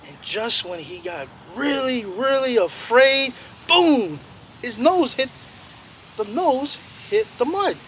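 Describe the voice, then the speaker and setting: A man telling a traditional animal story to a group outdoors, animated and playful. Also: very high-pitched, slow pace. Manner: animated, playful, chatting with listeners. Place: outdoors by a road. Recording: loud outdoor traffic noise. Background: traffic noise.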